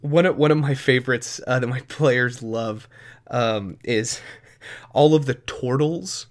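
A man's voice: medium pitch, a little slow. A man co-hosting a casual podcast chat about running tabletop games, talking enthusiastically with many fillers. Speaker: podcast co-host and game master.

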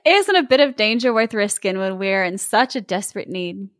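A woman's voice: mid-range voice, expressive, moderate pace, fairly bright tone, dry recording, clean studio sound, natural voice. A woman voicing a troubled, poor farmer's wife who speaks in a pleading, earnest way.

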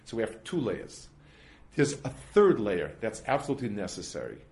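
Teaching a class on a religious text, a Torah teacher explains step by step, using everyday worked examples and restarting sentences often as he goes. His voice is lowish, a bit mellow, and sing-song.

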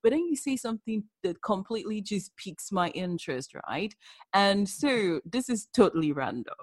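A woman's voice: mid-range voice, sing-song, normal speed, no room sound. A woman hosting a podcast interview, chatty and talkative, filling her talk with "you know" and "right". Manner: chatty, talkative, lots of fillers. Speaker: podcast host. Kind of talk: casual conversational interview. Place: virtual cafe podcast.

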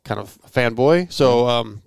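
A man's voice: mid-range voice, lively intonation, gravelly, clear, resonant tone, no echo, studio quality. A man appearing as a podcast guest, chatting casually and poking fun at himself. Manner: quick, self-deprecating. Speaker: podcast guest, host of his own show. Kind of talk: casual chat.

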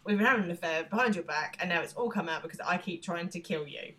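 Lady recapping a tv show on a podcast, bit low voiced, giggly, does the quotes. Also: fast, sharp tone. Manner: laughs often, acts out quotes. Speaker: podcast co-host. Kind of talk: casual chat recapping a show.

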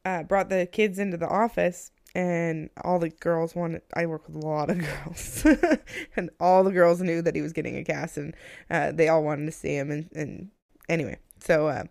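A woman's voice: low-pitched, normal speed, creaky, darkish tone, no echo, studio quality. A woman co-hosting a podcast, chatty and rambling, trailing off into fillers and short laughs. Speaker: podcast co-host. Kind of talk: casual storytelling chat. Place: small indoor room.

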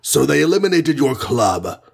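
A man with a husky voice voicing a scheming male alien villain who gives curt orders in an audiobook reading. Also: a little high, big pitch swings, normal speed, pitched above the performer's own voice, heavily acted. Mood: commanding. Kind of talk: audiobook character voice.

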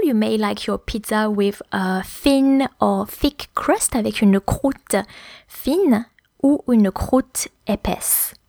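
A woman's voice: mid-range voice, creaky, no room sound, studio quality. A woman with a French accent hosting a podcast language lesson, explaining words carefully and spelling them out letter by letter. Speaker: French teacher, podcast host.

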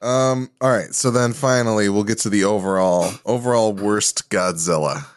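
A man co-hosting a casual podcast, calmly steering the conversation. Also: lowish voice, moderate pace, no echo, clean studio sound. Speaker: podcast co-host. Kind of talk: casual chat.

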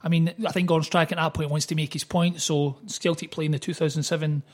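Guy on a podcast, rattles off stories quick, husky voice. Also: on the high side. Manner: fast, animated storytelling with quoted voices. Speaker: author guest. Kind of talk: casual podcast chat.

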